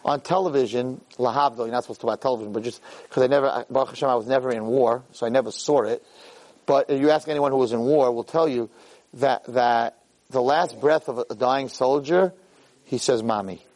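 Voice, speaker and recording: A man in his fifties giving an animated Jewish ethics talk as a rabbi lecturer, repeating phrases for emphasis and dropping Hebrew and Yiddish terms. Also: a little fast, poor audio. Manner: animated, swings from low asides to high shouted quotes.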